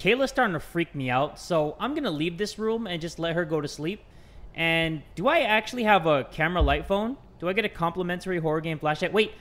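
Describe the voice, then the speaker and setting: Excitable, jokey gaming host. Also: male voice, a little high, moderate pace. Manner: jokey, excitable, with sudden loud outbursts. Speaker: let's play host. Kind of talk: horror gameplay commentary.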